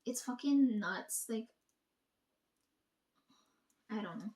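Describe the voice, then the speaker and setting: A woman's voice: a little high, lively intonation, slow pace, warm tone. Swearing, rambling woman in an echoey room. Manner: swears often, rambling and emphatic. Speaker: vlogger talking to her audience. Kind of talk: casual rambling monologue.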